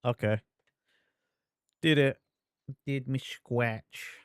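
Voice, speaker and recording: A man's voice: mid-range voice, fairly even intonation, very slow, clean tone, no echo, clean studio sound. A man streaming a game, chatting casually, thanking viewers and answering chat.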